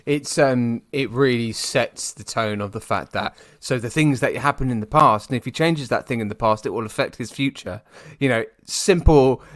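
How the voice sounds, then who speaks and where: A man's voice: medium pitch, fairly bright tone, no echo. Young British man, casual co-host, meandering chatty delivery, dry close mic. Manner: rambling, many restarts and fillers, says "mate". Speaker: podcast co-host. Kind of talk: casual chat.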